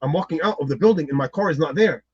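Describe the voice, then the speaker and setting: Husky, fast-talking man telling a story. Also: on the high side, lo-fi sound. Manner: lively, acts out the people in his story. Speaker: guest. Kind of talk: animated personal storytelling.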